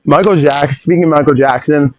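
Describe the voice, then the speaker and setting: A man hosting a podcast in a casual rambling monologue, opinionated and quick to jump off on tangents and interrupt himself. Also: on the high side, a little mellow, no echo, poor audio. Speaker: podcast host.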